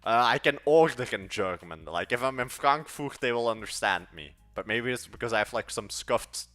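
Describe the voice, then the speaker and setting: A man's voice: medium pitch, animated, normal speed, fairly bright tone, soft background music. An eighteen-year-old man from Belgium with a Dutch accent, rambling casually to his live-stream chat while he codes. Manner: rambling, slangy, talks to chat and mutters while working. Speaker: live-streaming app developer.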